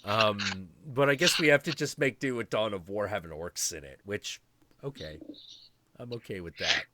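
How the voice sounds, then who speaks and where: A man hosting a live stream, chatting casually in a rambling, profane way with quick asides and chuckles. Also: on the low side, noisy background.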